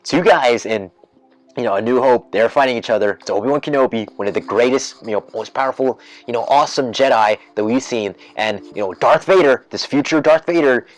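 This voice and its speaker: A man's voice: medium pitch, fairly quick. A man hosting a podcast in a casual rant, rambling with many fillers and restarts and getting worked up as he imagines things. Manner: grows excited and loud when imagining twists. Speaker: podcast host.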